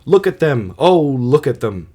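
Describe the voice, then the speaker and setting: A grieving king pleads with his dying wife in an ordinary middle-pitched male voice, read by an amateur audiobook narrator. The delivery is earnest and dramatic without any disguise. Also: big pitch swings, a little slow, dark tone.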